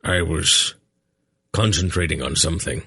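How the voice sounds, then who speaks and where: A man's voice: sits low, normal speed, pushed and bright, breathy edge, heavily acted. A man voicing a cold, contemptuous old grandfather figure who speaks curtly in an audiobook. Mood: startled. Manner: curt, contemptuous.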